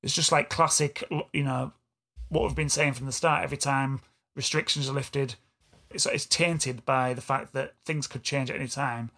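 Man, East Yorkshire accent, gravelly voice, rambling casual podcast chat, self-deprecating. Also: medium pitch, steady tone, moderate pace, sharp tone. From England. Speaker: podcast co-host.

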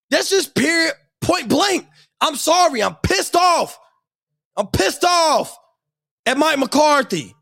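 A man's voice: very high voice, vocal fry, fairly bright tone. A young man giving an angry, profane sports rant, emphatic and heated. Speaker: sports commentator.

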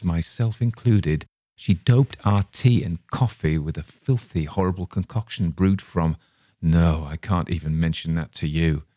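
A man's voice: low voice, mellow, no echo, studio quality. A man voicing a grim male storyteller who recounts a horror with ghoulish relish.

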